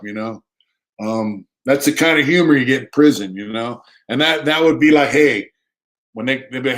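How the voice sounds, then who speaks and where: A man's voice: medium pitch, a little fast, fairly bright tone. A man chatting casually on a livestream, rambling and repeating himself, reading out viewer comments and talking to his dog in between. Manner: rambling, repeats himself, reads chat aloud. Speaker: livestream host.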